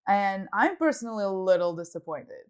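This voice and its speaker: A woman's voice: medium pitch, lively intonation, brisk, smooth. A woman in her thirties from Belgium with a French-speaking Belgian accent, co-hosting a podcast in casual chat, laughing often and using lots of fillers. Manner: laughing, agreeing, filler-heavy. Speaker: podcast co-host.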